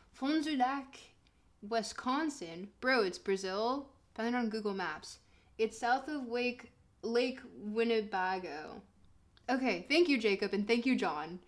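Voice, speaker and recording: A woman streaming a geography game, reading chat aloud and reacting with laughter and mock outrage. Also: medium pitch. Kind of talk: casual game stream commentary.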